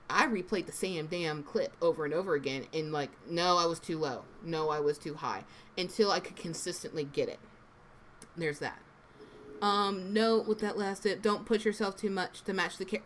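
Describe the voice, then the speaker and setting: A woman's voice: on the low side, a little hiss or hum. A woman with an American East Coast accent hosting a casual live stream, giving rambling advice full of fillers. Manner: chatty, meandering, gives advice with many fillers. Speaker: voice actor and stream host.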